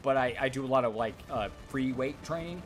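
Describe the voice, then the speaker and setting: A man's voice: medium pitch, fairly quick, faint music behind. A man in his thirties chatting casually while streaming a game, rambling, swearing often and talking to his chat. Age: 30s. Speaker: gaming streamer.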